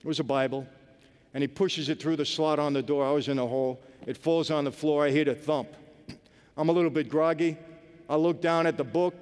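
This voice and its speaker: A man's voice: a little high, fairly even intonation, a little fast, darkish tone, clear, resonant tone. A man giving an earnest personal testimony, speaking emphatically and directly to his audience. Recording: long reverb of a large hall.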